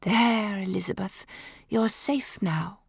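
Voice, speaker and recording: A gentle, protective mother speaks in soft, calming questions to her grown daughter, read by a woman narrating an audiobook. The voice sits at an ordinary middle pitch. The recording is close and dry, with no room sound. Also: slow, creaky, slightly rough, no echo, exaggerated voice. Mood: soothing.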